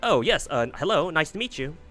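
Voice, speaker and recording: A man's voice: a little high, big pitch swings, brisk, pushed and bright, soft background music, pitched above the performer's own voice. A man putting on a chipper Southern-twanged girl. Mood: eager. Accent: mock American Southern. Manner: chipper, rambling, stumbling over words. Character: chipper young woman, eager would-be attendant. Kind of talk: reading game dialogue aloud with voices.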